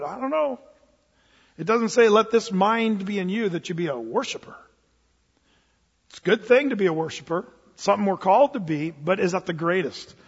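A man's voice: high-pitched, slightly rough. A man preaching a sermon as pastor, talking conversationally with frequent restarts and fillers. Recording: echoey hall, dull muffled sound.

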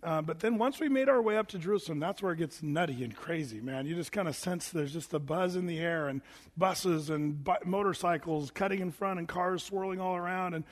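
A man's voice: on the high side, brisk, in a large hall. A man preaching a sermon in a chatty, rambling way, full of fillers and restarts. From United States. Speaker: pastor.

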